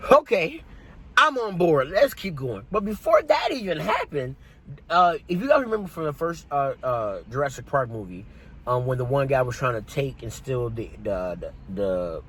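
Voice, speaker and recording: A man chats through a movie review, retelling the plot with a lot of energy. His pitch rises and falls constantly. A faint hiss sits underneath his voice. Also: normal speed, low-quality recording. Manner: animated, jokey retelling. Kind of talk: casual movie review monologue.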